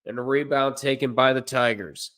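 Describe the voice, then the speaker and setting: A man doing amateur play-by-play commentary on a livestream, unpolished and correcting himself, with deadpan asides. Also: medium pitch, normal speed.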